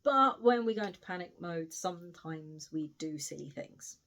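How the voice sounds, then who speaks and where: A woman's voice: on the low side, lively intonation, moderate pace, a bit bright. A woman giving a casual spoken book review, recounting the plot in a chatty way with frequent asides.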